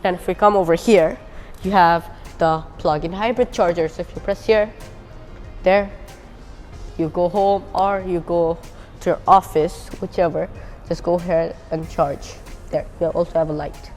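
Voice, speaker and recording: A woman's voice: on the low side, fairly even intonation, unhurried, a little mellow, faint music behind. A woman reviewing a car on camera, casually pointing out its features as she walks around it. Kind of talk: walkaround car review vlog.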